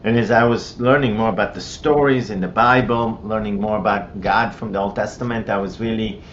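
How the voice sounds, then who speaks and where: A man's voice: fairly even intonation, brisk. A middle-aged man from Israel with an Israeli accent and Hebrew as his first language, telling his personal story in a conversational way, with many restarts and fillers. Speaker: interview guest. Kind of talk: personal testimony. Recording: slightly dull with faint rumble.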